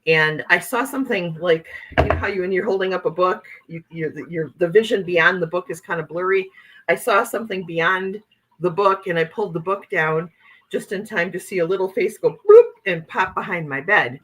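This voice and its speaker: A livestream host speaks at a moderate pace in a lowish, somewhat bright voice, and the recording is rough. Rambling and conversational, she reads out what viewers comment, frequently using "okay" and "you know what I'm saying."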